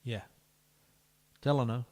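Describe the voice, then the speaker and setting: Man, game streamer, playful, slips into whispers, unhurried delivery. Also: mid-range voice, fairly even intonation, dark tone. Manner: playful, talks to players one by one, often dropping to a whisper. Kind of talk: live-streamed game commentary.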